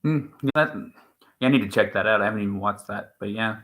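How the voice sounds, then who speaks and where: A man's voice: fairly low pitch, quick pace, a bit bright. A man co-hosting a stream in casual chat, rambling and opinionated, with many restarts. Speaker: stream co-host.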